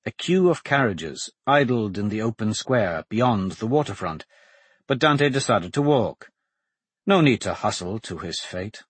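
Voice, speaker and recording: A man reads fantasy fiction aloud in a measured, dramatic storytelling manner. His voice is husky and mid-pitched, recorded dry and close with no room sound. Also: animated, no echo. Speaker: audiobook narrator. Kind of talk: scripted audiobook narration.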